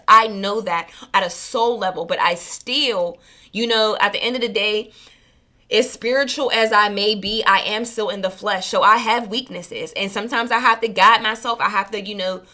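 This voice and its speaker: Woman, spiritual reader, bright clear voice, earnest rambling chat, self-correcting. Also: mid-range voice, moderate pace. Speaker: spiritual reader and channel host. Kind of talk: casual heartfelt monologue to viewers.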